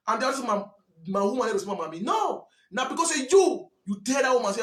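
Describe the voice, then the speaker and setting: A man with a Cameroonian Pidgin English accent delivers a fiery, scolding monologue and keeps repeating himself for emphasis. His voice sits very high. The room adds a clear echo. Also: animated, fast. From Southwest Cameroon. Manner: preachy, repetitive, scolding. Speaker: commentator. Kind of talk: impassioned monologue.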